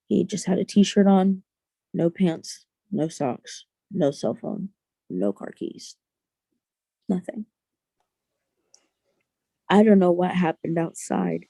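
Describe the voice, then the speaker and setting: A young adult woman, a podcast guest, telling a personal story in an earnest, halting way with many restarts. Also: on the low side, gravelly, dark tone, no echo.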